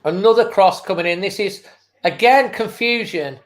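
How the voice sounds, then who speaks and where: A man's voice: high voice, normal speed. Male fan host, live match reaction, exasperated running commentary. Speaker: football fan channel host.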